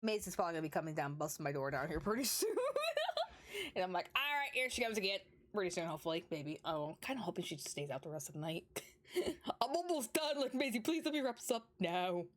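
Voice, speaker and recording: A woman's voice: lowish voice, expressive, fast. A young woman streaming a game, chatting casually and cooing baby talk to her pets. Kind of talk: casual gameplay commentary. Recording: faint music behind.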